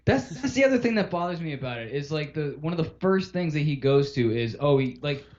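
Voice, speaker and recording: A man's voice: fairly high pitch, lively intonation, fairly quick, a little mellow. A man co-hosting a casual podcast chat, earnestly arguing his points through questions. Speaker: podcast co-host. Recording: dull lo-fi podcast audio.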